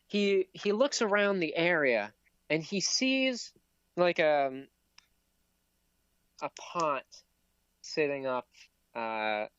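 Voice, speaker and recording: A man narrating a tabletop game as game master, slow and halting with many fillers. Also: mid-range voice, a bit bright, clear, resonant tone, no echo, lo-fi sound.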